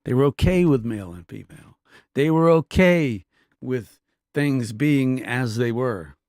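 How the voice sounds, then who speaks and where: A man's voice: mid-range voice, animated, measured pace, darkish tone, no room sound, clean studio sound. A man giving a casual Bible teaching in a conversational way, often checking that his listeners are following along.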